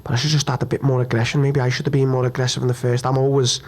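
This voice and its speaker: A man's voice: medium pitch, little pitch movement. Blunt, upset man. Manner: blunt, repetitive, swearing, halting restarts. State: upset and hurt after a loss. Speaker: fighter at a press conference. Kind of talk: post-fight press conference answers.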